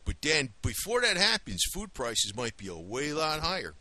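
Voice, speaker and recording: A man's voice: medium pitch, sing-song, moderate pace, hardly any pauses, pushed and bright, no echo. A man from the Northeast with a New Jersey accent, rambling to camera in a blunt, profane rant. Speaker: video blogger.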